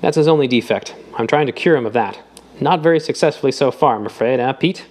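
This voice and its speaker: A man's voice: medium pitch, fast talker, darkish tone, lightly acted. A man voicing a breezy, condescending male doctor with a joking, patronizing manner in an audiobook reading. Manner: jocular, patronizing.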